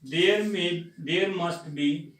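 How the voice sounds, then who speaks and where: A male teacher with an Indian English accent, giving a grammar lecture slowly and deliberately and repeating words for emphasis. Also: on the high side, a bit bright, far from the mic. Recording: echoey room, voice set back from the mic.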